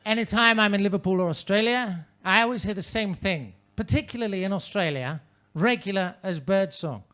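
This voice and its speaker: A man doing a stand-up set on a comedy club stage. He speaks in a high, bright voice, with pompous, ornate phrasing. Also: a little fast.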